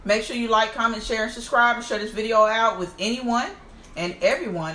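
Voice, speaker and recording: A woman's voice: on the high side, moderate pace, reverberant, a little hiss or hum. A woman hosting a casual eating vlog, exclaiming and talking to her viewers as she eats. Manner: animated, exclaiming, addresses viewers as y'all. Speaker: mukbang host.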